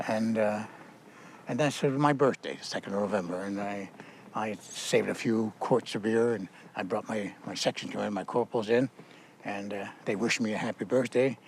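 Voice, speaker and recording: An older man, a war veteran, recounting his memories outdoors in a halting way, with many fillers and restarts. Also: fairly low pitch, slight background noise.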